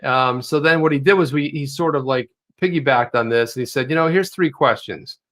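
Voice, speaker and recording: A man's voice: medium pitch, brisk, fairly bright tone. A man co-hosting a live crypto talk show in casual chat, joking and slipping into put-on voices.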